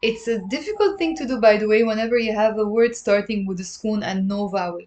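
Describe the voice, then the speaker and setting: Woman, online language teacher, patient, drills sounds slowly, mid-pitched voice, live-stream lesson on a webcam mic. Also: a little mellow. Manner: patient, explains step by step and drills pronunciation; answers viewer questions from live chat.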